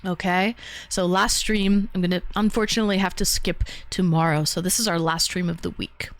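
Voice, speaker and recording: A woman's voice: lowish voice, steady tone, brisk, no echo. A woman hosting a casual livestream, chatting with viewers, laughing often and swearing casually. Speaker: livestream host reading chat.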